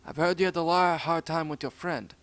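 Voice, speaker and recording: A man voicing a mysterious hypnotist in a top hat, with a put-on French accent and a slow, sinister manner. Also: a little high, fairly bright tone, no room sound, pitched above the performer's own voice. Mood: sly.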